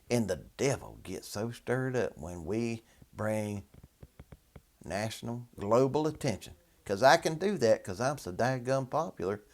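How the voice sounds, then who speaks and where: Figure: a man doing a self-important male preacher. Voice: exaggerated put-on accent, raised pitch. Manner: preening, boastful, sarcastic.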